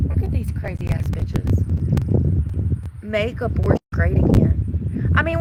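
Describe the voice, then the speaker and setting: A woman's voice: mid-range voice, very noisy. Blunt, fiery woman streaming. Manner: blunt, fiery, talks back to chat. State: worn out. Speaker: livestreamer. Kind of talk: casual livestream chat.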